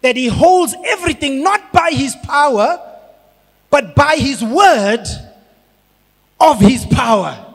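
A man from South Africa, a pastor preaching a sermon, building up to shouted emphasis. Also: very high-pitched, lively intonation, slow pace, long pauses. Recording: long hall reverb.

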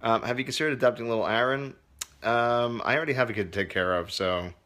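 A man's voice: medium pitch, fast, pushed and bright. A man who teaches comedy, hosting a casual livestream Q&A, reading viewer comments aloud in a loose, profane way.

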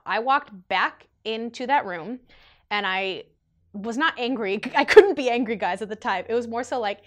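Young woman, vlogger, animated storytelling, slightly high voice. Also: normal speed. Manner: animated, chatty storytelling to viewers. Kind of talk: storytime vlog.

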